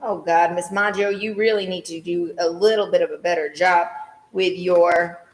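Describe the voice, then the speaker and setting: A woman teacher leads a playful morning meeting for kids, humming small transition tunes and poking fun at herself along the way. Her voice is fairly low and steady, delivered at a normal pace, and it carries the sound of a big room.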